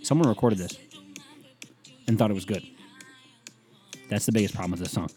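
A young man ranting comically, crude and rambling, swearing often with loud bursts. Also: lowish voice, fairly quick, soft background music. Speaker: comedian. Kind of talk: profane comic rant.

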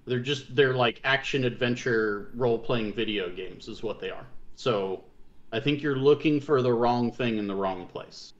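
A man's voice: medium pitch, moderate pace, lo-fi sound. A man co-hosting a gaming podcast, casual chat with a sardonic, dismissive edge. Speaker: podcast co-host.

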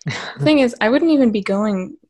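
A woman's voice: fairly high pitch, expressive, normal speed, darkish tone. A teenage girl co-hosting a casual podcast with friends, teasing and laughing often. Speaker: podcast co-host. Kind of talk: casual chat among friends.

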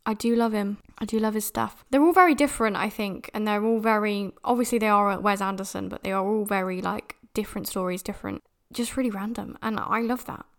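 A woman's voice: medium pitch, fairly quick. A young British woman from the UK hosting a podcast, talking casually about a film in a chatty, rambling way. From United Kingdom. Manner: chatty and rambling, with many restarts and fillers. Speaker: podcast host.

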